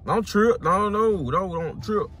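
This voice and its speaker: A man's voice: high voice, slow, soft background music. A young man, talking casually in a car, repeating himself as he scolds. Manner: repeats himself, calm-down pleading then scolding. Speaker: prank target, boyfriend. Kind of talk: casual chat.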